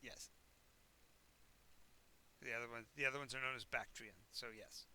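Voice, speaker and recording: A man's voice: mid-range voice, steady tone, normal speed, pushed and bright, a little hiss or hum. A man narrating a tabletop game as game master, describing scenes in a rambling, self-correcting way.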